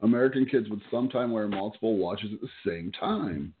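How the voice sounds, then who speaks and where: A man hosts a casual podcast quiz, reading each question aloud and then chatting loosely. His voice is thin and phone-like, with a steady noise running under it. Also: on the low side, fairly quick. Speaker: podcast co-host, quizmaster. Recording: tinny phone-like audio with clear noise.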